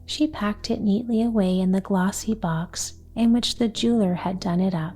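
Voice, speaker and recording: Storyteller: hushed woman narrating a bedtime tale; dark, breathy tone, slow delivery. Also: mid-range voice, steady tone, faint music behind. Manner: soft, hushed and unhurried, often near a whisper. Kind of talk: calm bedtime story reading.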